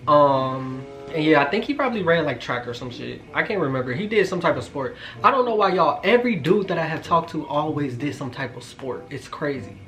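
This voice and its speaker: Animated young man telling a story. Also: a little high, soft background music. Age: 20s. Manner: animated, joking, slangy, quick asides to viewers. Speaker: vlogger. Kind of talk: casual storytime.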